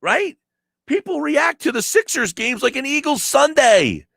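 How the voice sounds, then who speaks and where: A man's voice: very high-pitched, sing-song, a little slow, creaky, fairly bright tone, no room sound, clean studio sound. A man hosting sports talk radio, ranting emphatically and sarcastically and mocking callers' complaints. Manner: emphatic, sarcastic, rants with mock quotes. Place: radio studio. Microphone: studio microphone.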